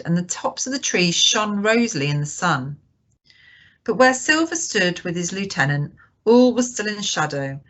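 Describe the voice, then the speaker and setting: A woman reading a classic adventure novel aloud as scripted narration, expressive and lively. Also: on the low side. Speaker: audiobook reader.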